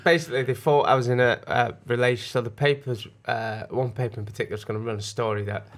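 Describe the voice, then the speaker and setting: Laughing, animated male podcast host. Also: medium pitch, fast. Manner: animated, laughs often, jumps between topics. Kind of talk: casual chat.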